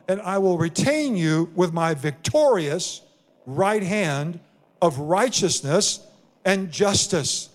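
A man preaching a sermon, reading scripture and repeating lines slowly and emphatically. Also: a little high, lively intonation. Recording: long hall reverb.

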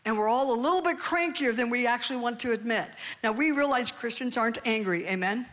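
A middle-aged woman pastor preaching a sermon with animated delivery, often calling for amens from the congregation. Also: on the high side, quick pace. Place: church hall. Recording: long reverb of a large hall.

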